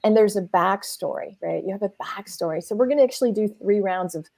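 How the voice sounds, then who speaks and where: A middle-aged woman from Arizona talks in a chatty, candid way. She often restarts and repeats her words. Her voice is mellow and a little gravelly. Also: mid-range voice, a little fast, no room sound. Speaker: guest co-host, counselor. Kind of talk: casual chat.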